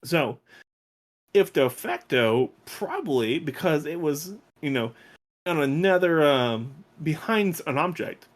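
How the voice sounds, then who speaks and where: A man's voice: fairly high pitch, animated, takes it slowly. A man co-hosting a podcast in loose casual chat, rambling with many fillers and restarts. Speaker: podcast co-host.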